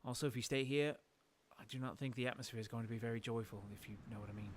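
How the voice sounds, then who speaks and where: A man's voice: medium pitch, fairly even intonation, slight background noise, lightly acted. A man doing a formal old village doctor. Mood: calm. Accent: put-on South African. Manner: measured, formal.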